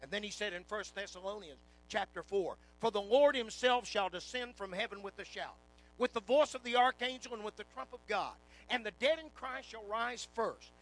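A man preaching a sermon with emphatic delivery, rising and falling in loudness and slowing into scripture readings. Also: high voice, poor audio.

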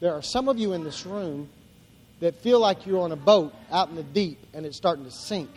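A man's voice: on the high side, normal speed, a little mellow, big-room sound, slight background noise. A male pastor preaching a sermon in church, building to emphatic repeated lines.

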